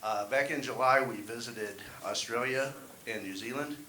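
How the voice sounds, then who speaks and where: A man's voice: medium pitch, normal speed, pushed and bright. A man performing a wry, self-deprecating stand-up set at an open mic. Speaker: stand-up comedian. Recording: echoey room, faint hiss.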